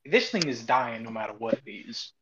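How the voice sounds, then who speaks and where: A man playing in a tabletop game, talking in a brash, excitable way and swearing. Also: mid-range voice, normal speed, highs cut off, background noise. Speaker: player.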